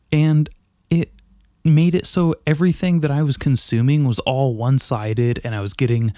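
A man's voice: mid-range voice, mellow, dry recording, studio quality. A man talking in a loose, profane, self-mocking monologue at his desk mic at home, a bit out of breath. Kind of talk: casual rambling monologue. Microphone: desk mic on a boom arm.

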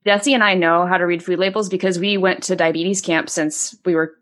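A woman's voice: lowish voice, steady tone, brisk, fairly bright tone. A woman hosting a podcast, talking in a conversational way and agreeing with her guest. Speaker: podcast host. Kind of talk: casual interview chat.

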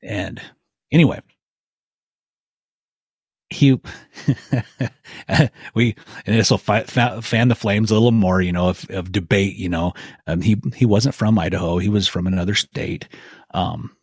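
A middle-aged man, a guest, telling a hunting story in a folksy, animated way and acting out quotes. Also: fairly low pitch, unhurried, long pauses, breathy edge, no room sound, studio quality. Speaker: guest elk hunter.

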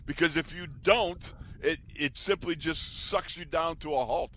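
A man with a mid-range voice chats easily and laughs often as he trades stories. His delivery is relaxed and conversational, with quick responses to his partner. He reminisces like a former player. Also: on the high side, a little hiss or hum. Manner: easygoing, quick to laugh and chime in. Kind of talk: casual chat.

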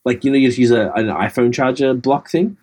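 A man's voice: medium pitch, brisk, darkish tone, slight background noise. A man co-hosting a podcast, telling rambling, profane stories in casual chat. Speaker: podcast co-host.

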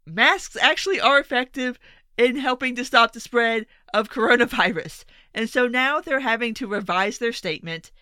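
A woman's voice: medium pitch, pushed and bright, smooth, no echo. A woman giving exasperated, sarcastic commentary, swearing freely as she rants. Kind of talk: opinionated commentary rant.

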